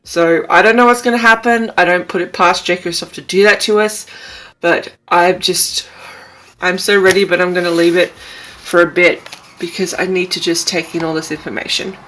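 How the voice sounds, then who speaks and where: A woman's voice: fairly low pitch, steady tone, brisk, a bit bright, poor audio. A young woman chatting casually in a reading vlog, gushing and emotional as she rambles about a book. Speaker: book vlogger. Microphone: camera mic, wears glasses.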